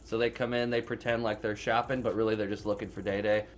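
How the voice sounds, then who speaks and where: A man's voice: lowish voice, little pitch movement, fast, slight background noise. A man casually retelling a movie plot in a rambling, profane, filler-heavy way. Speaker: movie reviewer. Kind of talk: casual spoiler recap.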